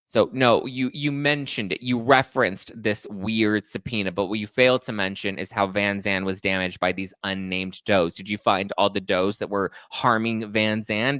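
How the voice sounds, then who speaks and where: A man's voice: on the low side, steady tone, fairly quick, a bit bright, clear, resonant tone, dry recording. A man hosting a gossip commentary show, reading articles aloud and ranting at them sarcastically, getting more and more worked up.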